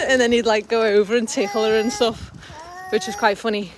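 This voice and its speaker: A woman's voice: a little high, flat delivery, quick pace, a little hiss or hum. A young woman, a new mum, chatting casually to her vlog camera at home, giggly and dropping the odd mild swear. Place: at home indoors.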